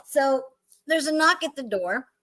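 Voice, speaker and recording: A woman's voice: sits high, animated, unhurried, a bit bright. A woman co-hosting a casual chat, telling a joke in a giggly, rambling way and losing her place. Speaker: podcast co-host.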